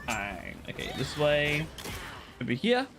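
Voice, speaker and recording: A British man chatting casually with viewers while streaming a game, with excited outbursts at the action. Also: fairly high pitch, slow pace, noisy background. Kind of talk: casual live-stream chat while playing.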